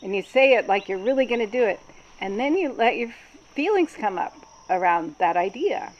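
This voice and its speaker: A woman facilitating a group workshop, explaining in a calm, explanatory way with frequent ums. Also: on the high side, moderate pace, highs cut off, slight background noise.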